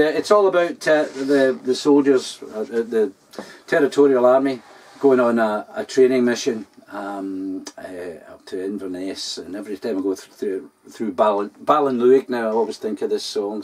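Picked up from a distance rather than close to the mic, this Scottish host of an online folk gig has a lowish, darkish voice. Between songs he talks in a relaxed, somewhat self-deprecating way.

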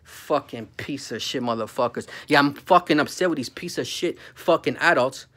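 A man's voice: mid-range voice, normal speed, bright, forceful tone. Angry ranting man. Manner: heated, profane, repeats 'bro'. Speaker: vlogger. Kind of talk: angry profane rant to camera.

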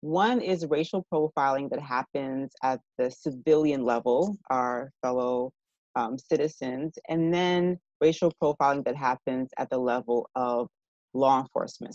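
A woman giving an evening university lecture in a measured, explanatory way, often checking in with her listeners. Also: very deep voice, a little mellow, no echo, highs cut off.

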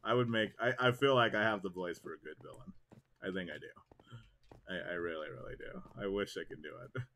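A young man streaming a game and reacting out loud. His voice is bright and forceful, flipping from muttering to excited shouts. He jokes freely with chat as he plays. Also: low-pitched, a little fast, slight background noise. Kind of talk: live gameplay commentary.

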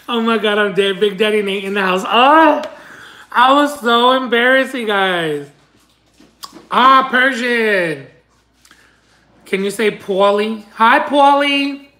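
A man's voice: high-pitched, lively intonation, a little slow, pushed and bright. A man vlogging as he opens fan mail, telling a story to his viewers in a dramatic, giggly way. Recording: roomy echo.

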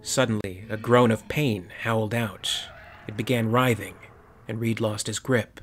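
A man's voice: on the low side, fairly even intonation, measured pace, soft background music. A man narrating a sci-fi story in a dramatic storytelling manner. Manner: dramatic storytelling, voicing every character. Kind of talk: audiobook fan fiction reading.

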